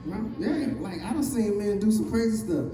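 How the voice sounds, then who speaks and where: Stand-up comic from Virginia, Southern accent, slightly raised pitch, mellow tone, rambling delivery, echoey room, mic at a distance. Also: male voice, expressive, moderate pace. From Virginia, USA. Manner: loose, rambling delivery with many fillers, acting out other people's voices. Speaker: stand-up comedian. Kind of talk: stand-up comedy set.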